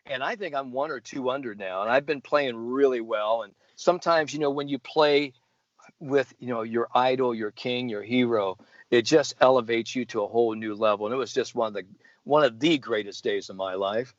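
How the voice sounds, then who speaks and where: A man's voice: medium pitch, normal speed, dry recording, lo-fi sound. Folksy middle-aged man telling a golf story. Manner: folksy, animated anecdote-telling with laughs. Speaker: sports psychologist guest telling a story. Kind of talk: casual storytelling.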